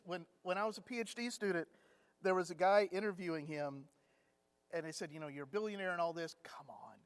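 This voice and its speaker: Guy teaching a bible class, chatty funny storyteller, kinda high voice, big hall echo. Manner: chatty storyteller acting out anecdotes with humor. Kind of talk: conversational Bible lesson. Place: church classroom. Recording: long hall reverb.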